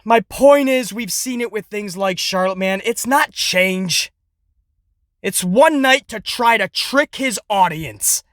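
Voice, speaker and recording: Bright-voiced guy ranting about wrestling, swears a lot, sarcastic, dry sound. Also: high-pitched, takes it slowly, dry recording. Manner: profane, sarcastic, animated. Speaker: podcast host. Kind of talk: casual wrestling commentary.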